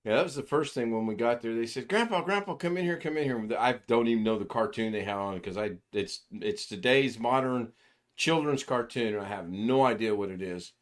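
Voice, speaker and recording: A man's voice: fairly low pitch, a little fast. An older man hosting a livestream, chatting casually and rambling through a story while he acts out other people's voices and chuckles often. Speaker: livestream host. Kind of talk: casual chat.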